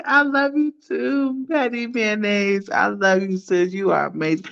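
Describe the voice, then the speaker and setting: Slow, playful woman chatting on a livestream. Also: mid-range voice, steady tone, gravelly, fairly bright tone, lo-fi sound. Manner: playful, laughs often, hypes up viewers. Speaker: livestream host. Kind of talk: casual livestream chat with viewers.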